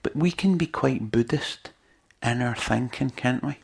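A man delivers a sermon in a gravelly, slightly husky voice. He preaches in a chatty, earnest way and keeps turning to his listeners with rhetorical questions. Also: mid-range voice, unhurried.

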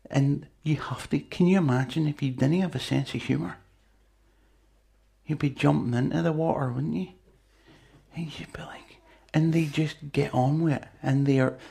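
A man's voice: medium pitch, creaky, mellow, slightly rough. A man preaching a sermon in a chatty, conversational way, with asides to the congregation.

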